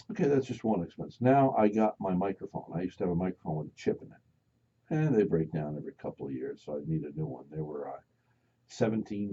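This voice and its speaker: A man hosting a live radio talk show, telling stories in a casual, animated way and acting out the voices of the people in them. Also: low-pitched, husky. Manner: animated storyteller, acts out loud voices. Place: radio studio. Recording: dull lo-fi radio broadcast.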